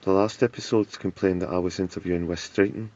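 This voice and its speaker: A man playing an awkward, put-upon male politician hosting a talk show, in a dry, deadpan comedy sketch. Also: deep voice, fast talker, no echo, muffled recording, natural voice.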